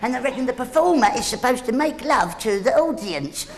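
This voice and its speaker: A man's voice: very high voice, animated, fairly quick, heavy background noise. A man doing live stand-up comedy on a theatre stage, rambling and teasing the audience. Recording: live theatre, loud crowd laughter.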